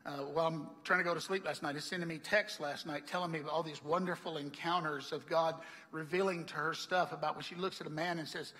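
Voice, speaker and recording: Bright-voiced pastor telling stories. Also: male voice, a little high, normal speed, big-room sound. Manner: chatty storyteller, laughs often, acts out quoted lines. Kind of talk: sermon with personal stories. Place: church hall.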